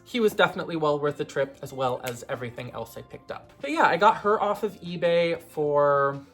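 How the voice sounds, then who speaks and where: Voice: mid-range voice, expressive, brisk, soft background music. A collector hosting a casual vlog about her vintage plush toys, talking in a rambling, conversational way with lots of fillers. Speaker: vintage toy collector vlogger.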